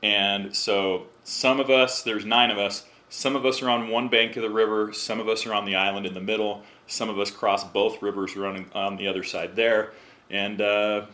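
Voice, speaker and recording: Bright-toned man telling a story. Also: lowish voice, normal speed. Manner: animated, acts out quotes in other voices. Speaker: podcast guest. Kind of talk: casual storytelling.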